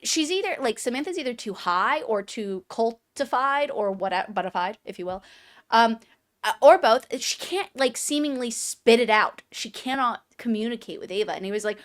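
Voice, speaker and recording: A woman's voice: fairly high pitch, lively intonation, moderate pace. A woman co-hosting a casual book review podcast, talking in a rambling way with many fillers and self-corrections. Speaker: podcast co-host.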